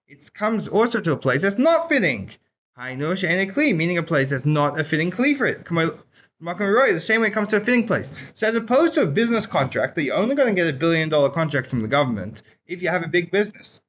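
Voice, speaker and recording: A man teaching a Chassidus class in a casual, animated storytelling way, saying "like" often. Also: high-pitched, fast, muffled recording. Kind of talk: Torah class lecture with storytelling.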